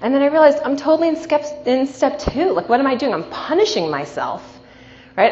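A woman teaching a class as a coach, telling lively stories and often checking in with "right?". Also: on the high side. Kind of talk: storytelling lecture to an audience. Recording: dull recording in a reverberant hall, faint noise.

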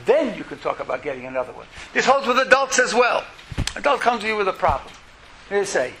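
Animated high-pitched male religious teacher. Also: a little fast, crowd noise, rough recording. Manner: animated, acts out quotes in lively voices. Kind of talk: lecture.

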